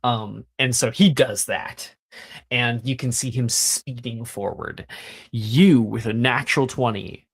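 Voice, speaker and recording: Slow rambling game master. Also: mid-range voice, vocal fry, breathy edge. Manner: rambling with many fillers and swearing. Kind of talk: narrating a tabletop game.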